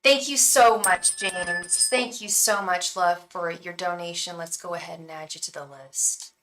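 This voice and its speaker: A young woman giving live tarot readings, chatting effusively with many ums and restarts and softly repeating incantations. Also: fairly low pitch, unhurried, a little hiss or hum, low-quality recording. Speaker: tarot reader and psychic.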